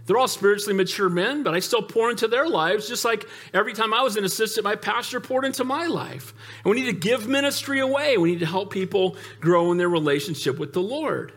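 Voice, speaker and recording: High-voiced man preaching with emphasis. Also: animated, fairly quick, a bit bright. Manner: emphatic, calls out for amens; conversational, jokes with the congregation. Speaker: pastor. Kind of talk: sermon.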